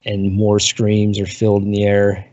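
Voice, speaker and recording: A man narrating as dungeon master, describing scenes in a relaxed, unhurried way. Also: lowish voice, dry recording. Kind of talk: narrating a tabletop game. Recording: muffled lo-fi recording.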